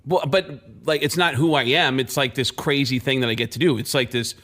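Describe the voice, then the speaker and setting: A man's voice: medium pitch, a little fast. A man, a comedian and impressionist, telling stories in a casual chat, acting out the voices of the people in them. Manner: animated storyteller, acts out voices.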